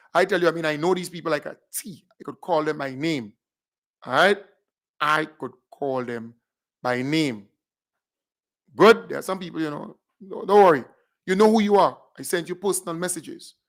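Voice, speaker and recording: A man with a Grenadian accent hosting a radio show, animated, repeating himself as he calls out names and thanks listeners. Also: a little high. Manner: animated, repeats phrases, big up shout-outs. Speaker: radio host. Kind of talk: casual radio shout-outs.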